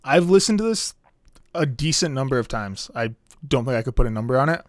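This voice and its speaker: A man's voice: mid-range voice, a little fast, no room sound, studio quality. A man co-hosting a casual podcast, talking through an album track by track with lots of "like" fillers. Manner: relaxed, rambling, many "like" fillers. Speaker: podcast co-host reviewing an album. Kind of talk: casual chat.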